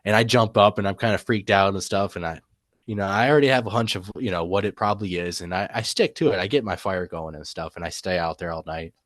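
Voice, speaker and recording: A man's voice: low-pitched, quick pace, dry recording, clean studio sound. A man telling his own encounter story as a guest, rambling, with lots of fillers and trailing "and stuff". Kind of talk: casual storytelling.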